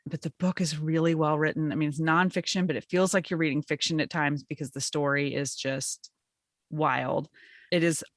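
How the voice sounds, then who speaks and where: A woman's voice: sits low, steady tone, moderate pace, no room sound, clean studio sound. A middle-aged woman co-hosting a podcast, chatting enthusiastically and laughing often. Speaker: podcast co-host. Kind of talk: casual chat.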